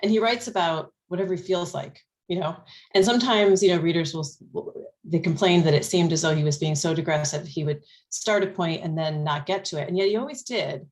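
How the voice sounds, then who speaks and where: A woman's voice: lowish voice, brisk. A woman moderating a discussion, chatty and enthusiastic, with many "you know"s. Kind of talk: discussion talk.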